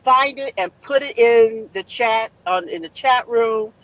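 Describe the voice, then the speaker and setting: A woman in her fifties telling a story in casual podcast chat, brash, profane and animated. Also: fairly high pitch, a little slow, lo-fi sound. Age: 50s.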